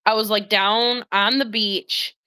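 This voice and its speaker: A woman's voice: medium pitch, steady tone, takes it slowly, bright, forceful tone, clean tone. A woman co-hosting a live stream, telling a story in a rambling, hesitant way. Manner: rambling, hesitant, with many fillers and restarts. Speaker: co-host, the host's sister. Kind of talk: casual storytelling chat.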